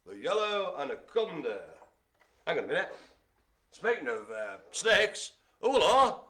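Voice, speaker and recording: Lively, high-voiced man calling bingo. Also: a little slow. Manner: jokey, chatty, addresses the audience as ladies and gentlemen. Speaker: bingo caller and host. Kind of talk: live-streamed bingo hosting.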